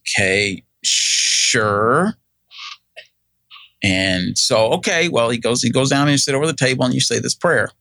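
A gravelly-voiced middle-aged man rambles through a personal story, full of fillers and restarts. He slips into the voices of the people he quotes. The sound is close and dry, with no room around it. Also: mid-range voice, fast, few pauses, fairly bright tone, no echo. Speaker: guest telling his story. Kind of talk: casual storytelling.

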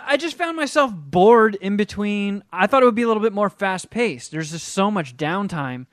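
High-pitched guy rambling crude on a podcast, super dry sound. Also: a bit bright, no room sound. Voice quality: crude, rambling, restarting often. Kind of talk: casual chat.

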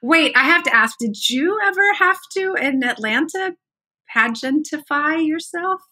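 A middle-aged woman from North Carolina with a Southern accent, telling animated stories with lots of laughter as a podcast guest. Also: high-pitched, measured pace. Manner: animated, laughs often, warm storytelling. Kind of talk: casual chat.

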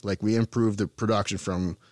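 A man's voice: fairly low pitch, steady tone, a little fast, darkish tone, no room sound, clean studio sound. A man from Ontario with an Eastern Canadian accent, a farm consultant telling folksy, jokey stories as a podcast guest. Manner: folksy, jokey, rambling anecdotes. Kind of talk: casual storytelling.

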